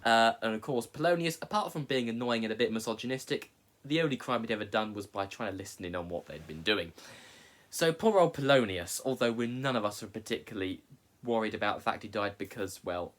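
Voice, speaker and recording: A man's voice: lowish voice, animated, a little fast, a bit bright. Guy talking through a plot summary, casual and chatty, throws in jokes. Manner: chatty, jokey asides. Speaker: teacher. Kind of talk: casual explainer.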